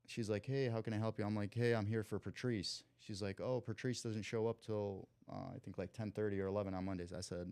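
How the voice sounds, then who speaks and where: A man's voice: fairly low pitch, smooth, no room sound. A young man from Cleveland, a podcast guest, telling a long story in casual slang and acting out the lines of the people in it. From Cleveland, USA. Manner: lively storyteller who acts out quoted dialogue; loose slang and frequent "like" fillers.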